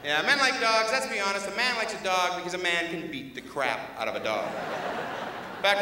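A man doing a live stand-up routine, acting out the voices of pets and jumping wildly between high and low. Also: lively intonation, brisk, background noise. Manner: acts out pets' voices, shifts pitch wildly. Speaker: stand-up comedian. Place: comedy club stage. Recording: distant, echoey live club recording with loud crowd.

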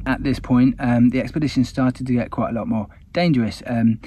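A man's voice: mid-range voice, steady tone, a little fast, dark tone, slight background noise. A man, an explorer candidly recounting an expedition story in a conversational, self-deprecating way.

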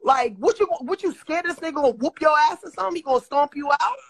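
Fiery high-voiced Brooklyn woman. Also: expressive, fast talker, vocal fry, rough recording. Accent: Brooklyn New York. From Brooklyn, New York. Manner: blunt, profane, confrontational, lecturing. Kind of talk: heated livestream rant.

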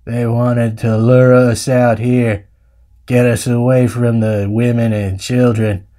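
A man doing an impression of a gruff old male cowboy, in a slow, low drawl. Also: level tone, mellow, close to an everyday voice. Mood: grim.

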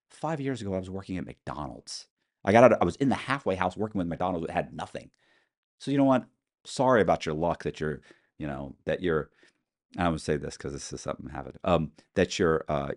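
A middle-aged man, an interview guest, telling stories in a casual, animated way, acting out what people said and swearing now and then. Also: low voice. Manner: animated storyteller, acts out quotes, curses casually. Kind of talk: casual storytelling.

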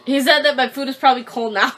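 A woman in her twenties chats through a video game with a bright, high voice. She is excitable and giggly, jumping between theories and jokes. Her tone stays light and quick to laugh. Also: soft background music. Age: 20s. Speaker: host. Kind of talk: casual let's play commentary.

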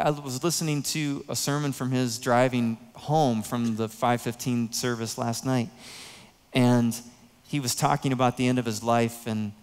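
A man preaching a sermon in a church, earnest and emotional, with soft pauses. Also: medium pitch, smooth, long reverb tail. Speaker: pastor. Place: church sanctuary.

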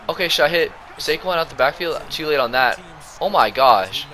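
Excitable young man with a sore throat. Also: a little high, a little fast. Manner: excitable, slangy, jumps between play-by-play and rants. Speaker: gaming YouTuber. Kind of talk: gameplay commentary.

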